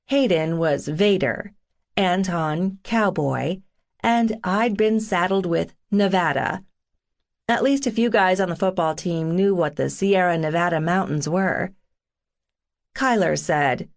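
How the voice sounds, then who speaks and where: A woman reads a first-person romance novel aloud, her voice on the lower side. She takes her time over every line, sassy and wry in tone. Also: a little slow, creaky. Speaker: audiobook narrator.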